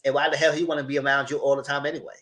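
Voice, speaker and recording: A man giving casual live commentary on a reality show, animated, repeating himself and cursing freely. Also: mid-range voice, very fast.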